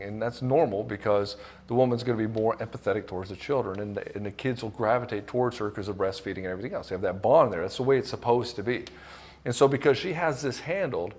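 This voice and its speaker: Blunt, casual middle-aged male relationship coach. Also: mid-range voice. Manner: blunt and casual, swears freely, acts out quoted voices. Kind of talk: direct-to-camera coaching talk.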